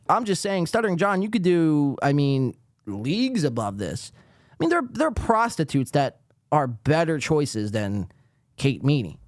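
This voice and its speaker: A man's voice: no echo, clean studio sound. A man hosting a live podcast, ranting in a profane, sarcastic way while reacting to clips. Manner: lively, jumpy pitch. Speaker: podcast host. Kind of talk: casual live-stream commentary.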